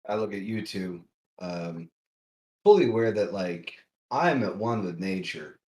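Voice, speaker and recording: A man's voice: deep voice, lively intonation, unhurried, a little mellow. A young man playing a tabletop game, talking in a playful way. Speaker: player. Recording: echoey room.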